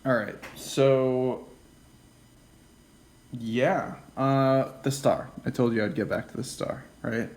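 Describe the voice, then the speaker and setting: A man giving a casual classroom lecture, often checking in with "okay?" and "right?" and dropping into quiet whispered asides. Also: mid-range voice, fairly even intonation, takes it slowly, rough recording. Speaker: teacher.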